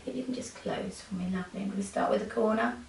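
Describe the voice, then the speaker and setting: A woman talks through a makeup tutorial, her voice a bit gravelly and soft as she coaxes her model. She sounds set back from the mic in a roomy space. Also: mid-range voice, fast, a little hiss or hum. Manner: soft-spoken, coaxing instructions to a model. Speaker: makeup artist. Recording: roomy, from a distance.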